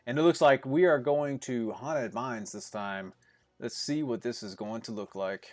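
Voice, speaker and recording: A young man casting an esports tournament on his own, talking in a steady chatty stream. He rambles through plays with fillers and little chuckles, now and then speeding up into quick bursts. His voice sits at an ordinary middle pitch. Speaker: tournament caster. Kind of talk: solo esports commentary.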